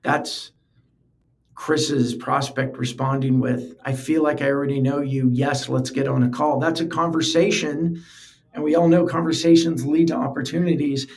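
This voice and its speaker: Speaking at normal speed in a steady, mid-range voice, a podcast host chats earnestly and casually on his own show, frequently repeating words while he works through his thoughts.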